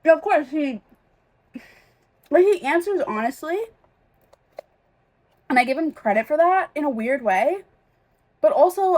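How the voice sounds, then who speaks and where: A woman's voice: sits high, animated, unhurried, pauses often, darkish tone. A young woman chatting casually in a reading vlog, emotional and rambling, with many fillers and restarts. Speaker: reading vlogger.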